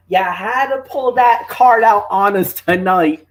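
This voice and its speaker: A man co-hosting a wrestling review show, talking casually with loud exclamations and many fillers. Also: high-pitched, takes it slowly, hardly any pauses. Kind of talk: excited casual podcast chat.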